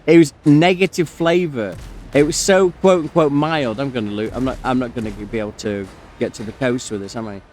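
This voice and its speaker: A man's voice: medium pitch, a little fast, darkish tone, a little hiss or hum. A man telling a long personal story while he plays a game, rambling with plenty of fillers and breaking off to comment on what happens on screen. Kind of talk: casual storytelling over gameplay.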